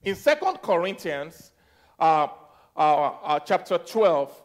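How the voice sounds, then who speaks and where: A man preaching a sermon as pastor, repeating phrases, leading the congregation in declarations and swinging from soft teaching to loud exhortation. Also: a little high, very animated, slow pace. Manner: repeats phrases and leads call-and-response declarations.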